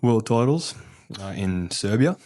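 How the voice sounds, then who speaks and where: Deep-voiced Australian man telling stories. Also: expressive, a little slow, dark tone. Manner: blunt, swearing, laughing storyteller. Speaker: guest. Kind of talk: casual interview chat.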